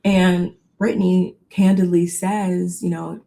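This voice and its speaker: A woman co-hosting a casual recap chat, retelling scenes in an animated way with quoted voices. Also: lowish voice, slow pace, gravelly. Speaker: podcast co-host recapping a reality show.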